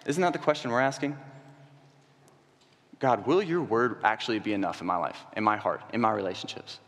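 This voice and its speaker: A man's voice: lowish voice, expressive, brisk, a bit bright. A man preaching a sermon to a church congregation, asking rhetorical questions and building to emphatic peaks. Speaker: young adult coordinator preaching. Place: church sanctuary. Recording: long hall reverb.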